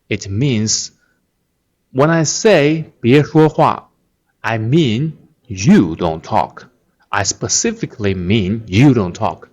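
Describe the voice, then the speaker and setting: A man's voice: medium pitch, expressive, slow pace, a little mellow, slightly rough. A man whose first language is Chinese, teaching a language lesson patiently, repeating words with many fillers. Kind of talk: slow explanatory lesson.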